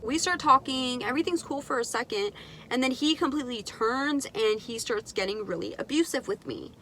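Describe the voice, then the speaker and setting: A young woman telling a personal story in a candid, animated, profane way on her vlog. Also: a little high, normal speed, slight background noise. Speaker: vlogger. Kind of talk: casual storytime.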